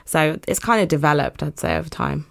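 A woman's voice: deep voice, a little fast, creaky, fairly bright tone. A young woman guest on a podcast, chatting casually and upbeat about her company, laughing now and then. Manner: upbeat, laughs often, many fillers. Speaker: podcast guest, condom brand co-founder. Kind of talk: casual interview chat.

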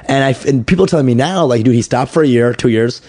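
A man, a stand-up comedian, chatting on a podcast in an animated way, swearing freely and tripping over his words. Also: medium pitch, fast talker, no echo. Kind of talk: casual podcast conversation.

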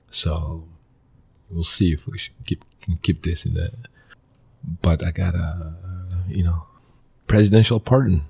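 A man, a guest in an interview, telling his life story in earnest, halting fragments with many restarts. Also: low-pitched, vocal fry, a little mellow, breathy edge. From Mali. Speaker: interview guest, former pro soccer player. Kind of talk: personal storytelling in a conversational interview.

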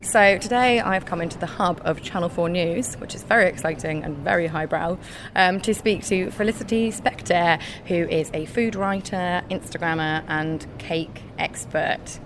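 A woman's voice: lowish voice, moderate pace, over music. A young woman with a Scottish accent hosting a podcast, telling breezy, self-deprecating stories in a casual, chatty way. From Scotland. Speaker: podcast host.

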